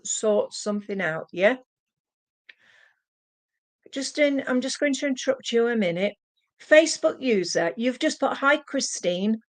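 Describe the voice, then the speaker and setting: A woman giving psychic card readings on a live stream, calling viewers "sweetheart" as she relays messages from spirits. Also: sits high. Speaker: psychic medium.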